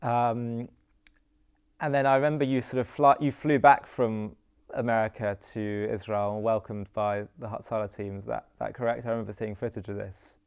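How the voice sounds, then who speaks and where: Low, gravelly but smooth male host; tentative questioner. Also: flat delivery, normal speed. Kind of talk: interview questions.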